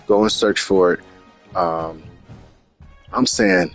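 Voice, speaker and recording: A man casually recapping his video game season, animated and profane, often repeating himself. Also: sits low, takes it slowly, vocal fry, pauses often, faint music behind. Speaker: gaming channel host.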